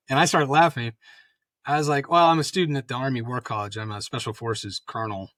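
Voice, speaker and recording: A man's voice: mid-range voice, a little fast, fairly bright tone, no echo, studio quality. A man in his fifties, a retired army colonel, telling rambling anecdotes full of fillers in a casual interview. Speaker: guest, retired Special Forces colonel.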